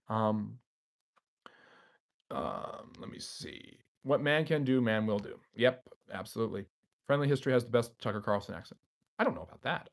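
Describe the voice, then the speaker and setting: A man's voice: mid-range voice, a little fast. A man hosting a history channel's live stream, reading viewer comments aloud and answering them off the cuff.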